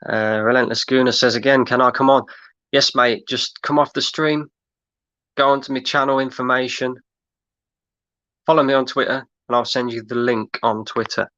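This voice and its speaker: A man's voice: medium pitch, steady tone, normal speed, pushed and bright, no echo, dull audio. A man hosting a fan livestream, ranting in exasperation and repeating himself while he reads out chat comments. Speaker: fan channel host. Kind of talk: livestream rant reading chat.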